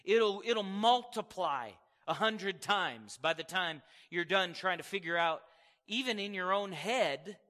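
A man preaching a sermon as pastor, animated and acting out little voices to make his points. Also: sits high, a little slow, in a large hall. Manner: animated preaching, acts out voices of God and people.

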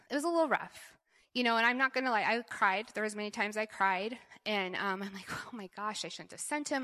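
A woman's voice: mid-range voice, pushed and bright. A middle-aged woman, a mother, giving an earnest, emotional church testimony.

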